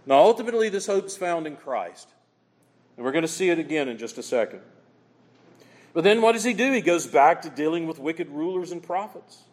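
A man's voice: on the high side, animated, a little fast, long reverb tail. A man preaching a sermon as pastor, emphatic and quoting scripture dramatically.

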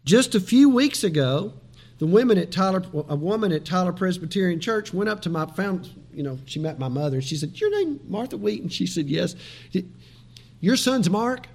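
High-voiced middle-aged man preaching a sermon. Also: brisk. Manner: animated storytelling, swings from soft asides to loud pleading. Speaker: pastor.

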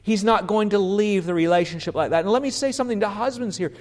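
A man preaching an expository sermon in an earnest voice, acting out quoted lines and dropping low and quiet at times. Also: quick pace.

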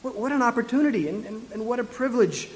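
A man preaching a sermon as pastor, earnest and exhorting, with quick asides and restarts. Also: very high-pitched, animated. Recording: long hall reverb.

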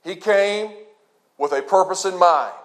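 Middle-aged male pastor, high voice, preacherly delivery with loud peaks and hushed dips. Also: a little slow. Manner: preacherly, swings from loud emphasis to hushed low drops. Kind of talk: sermon.

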